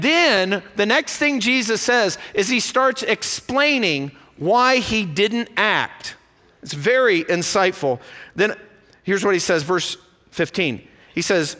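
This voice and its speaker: A male pastor preaching a sermon in a church, animated and full of rhetorical questions. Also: high-pitched, slow pace, big-room sound. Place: church sanctuary.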